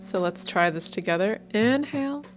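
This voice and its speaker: A woman leading a guided meditation, giving calm, unhurried, inviting instructions over soft instrumental music. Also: medium pitch.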